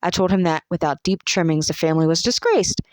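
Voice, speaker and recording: A reader voicing Camilla, a fussy, self-pitying older woman in a classic-novel audiobook, with a shrill, plaintive, theatrical manner. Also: fairly quick, no echo, studio quality, close to an everyday voice. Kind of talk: audiobook character voice.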